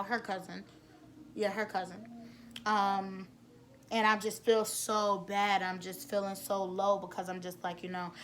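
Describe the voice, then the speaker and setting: A woman's voice: medium pitch, a bit bright. A woman, telling her own story bluntly, with frequent cursing and rambling restarts. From the Bronx, New York. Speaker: nail technician. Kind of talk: candid personal storytelling.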